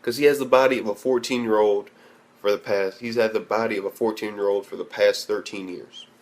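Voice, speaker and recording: Foul-mouthed ranting young man. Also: on the low side. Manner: profane and blunt, heavy swearing; rambling with restarts. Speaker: anime reviewer. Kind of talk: ranting video review.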